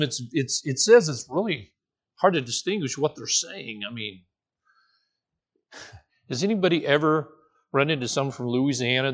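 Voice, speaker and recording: A man's voice: fairly high pitch, a bit bright. A man preaching a sermon, acting out the quoted voices with frequent restarts. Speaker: pastor.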